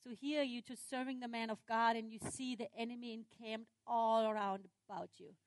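Lady preacher telling a bible story all animated, kinda high voice, dry mic. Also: moderate pace, no room sound. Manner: lively storytelling with dramatic voice swings. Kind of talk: sermon.

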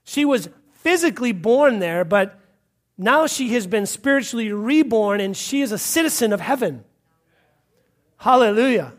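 A man's voice: high voice, animated, moderate pace. A man from Massachusetts preaching a fervent sermon, repeating points and calling out hallelujahs. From Massachusetts, USA. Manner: fervent, repetitive, punctuated with hallelujahs.

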